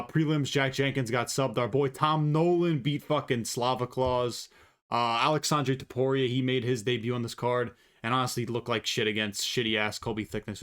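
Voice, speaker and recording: A man's voice: medium pitch, a bit bright. A man hosting a casual sports commentary video, blunt and opinionated, swearing freely. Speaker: host.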